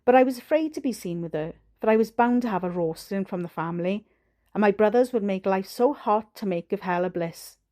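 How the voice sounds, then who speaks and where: An audiobook reader with a Welsh accent and a mid-range voice narrates in a steady, measured way.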